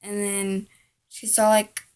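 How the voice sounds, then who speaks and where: A woman's voice: mid-range voice, monotone, slow, darkish tone, clear, resonant tone. A woman telling a personal story in a rambling, casual way, full of "like" and "I'm all like". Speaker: vlogger.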